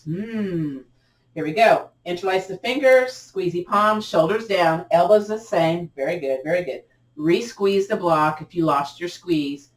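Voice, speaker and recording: A woman leading a gentle yoga class, giving upbeat, cheering cues with chatty asides, her voice a little cracked as she clears her throat. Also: lowish voice. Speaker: yoga instructor. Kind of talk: guided yoga class instruction. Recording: echoey room, distant mic.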